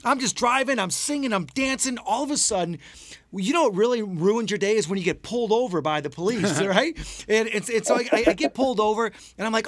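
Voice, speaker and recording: A man who is a motivational speaker, telling a lively story on a talk show, acting out the scenes and often repeating words. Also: high-pitched, a little fast, dry recording.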